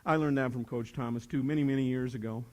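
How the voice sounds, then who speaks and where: Steady in tone and mid-range in pitch, an older man talks fast as he speaks to young listeners about leadership in a large hall. The motivational speaker is emphatic and funny, echoing his key phrases the way a preacher does.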